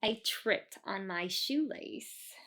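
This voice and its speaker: A woman's voice: mid-range voice, lively intonation, takes it slowly, fairly bright tone. A woman reading a children's book aloud, stopping for chatty asides to explain the story to kids. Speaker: storybook reader.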